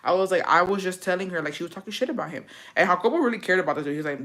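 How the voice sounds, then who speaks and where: Woman vlogger with a bright, forceful voice; profane, gossipy storytime chat. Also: lowish voice, racing.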